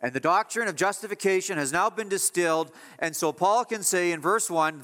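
A man preaching a sermon as pastor, emphatic, moving between hushed passages and raised declarations. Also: high-pitched, fairly quick, hardly any pauses. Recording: long hall reverb.

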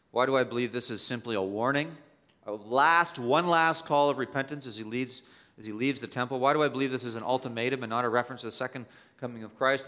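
A man's voice: mid-range voice, bright, forceful tone. A male pastor preaching an expository sermon, emphatic and repetitive, rising sharply to stress key points.

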